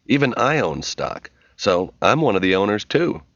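A man's voice: on the low side, very animated, moderate pace, fairly bright tone, dry recording. A man voicing a harried divorced father who keeps his temper in check, in an audiobook reading. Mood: explaining. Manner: restrained, exasperated, teasing. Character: harried divorced father, patient but strained. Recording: dull, muffled audio.

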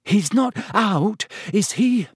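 A man voicing a bossy teenage schoolgirl who answers quickly and firmly. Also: high voice, very animated, no echo, clean studio sound, pitched above the performer's own voice. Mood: anxious. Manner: quick, firm.

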